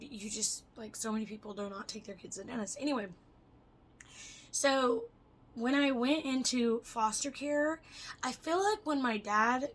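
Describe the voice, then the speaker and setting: A young woman chatting casually to her camera, rambling and swearing, her voice swinging between loud and soft as she jumps between topics. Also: fairly high pitch, rough recording. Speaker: vlogger.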